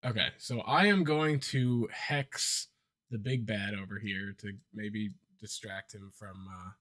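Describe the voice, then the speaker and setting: A man's voice: lowish voice, fairly even intonation, takes it slowly, fairly bright tone. A man playing a tabletop game who counts out his moves aloud and asks the game master how the rules work. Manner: thinking aloud, asks rule questions. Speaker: player. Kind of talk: casual tabletop play.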